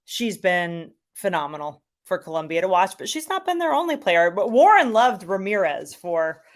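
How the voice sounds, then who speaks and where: Speaking at a moderate pace with a fairly low voice, this middle-aged woman is a soccer commentator appearing as a guest. She chats in a casual interview, animated and enthusiastic, her speech full of fillers.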